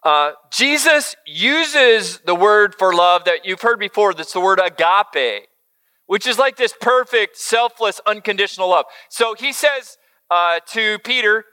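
A man preaching a sermon, earnest, swinging from emphatic lines to soft, hushed ones. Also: high-pitched, sing-song, unhurried. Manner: earnest, shifts between loud emphasis and soft near-whisper. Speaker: pastor.

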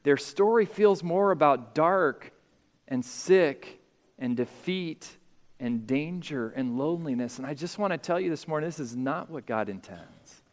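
A male pastor preaching a sermon, climbing to loud, high emphatic peaks and then dropping quiet. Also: expressive, a little slow. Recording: long hall reverb.

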